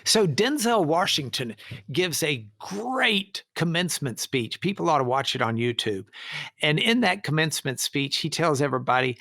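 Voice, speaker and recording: A trial lawyer in middle age, guesting on a podcast, answers with a lively story, voicing each person he quotes. His voice is fairly high and creaky at a normal speed, recorded cleanly in a studio with no room sound.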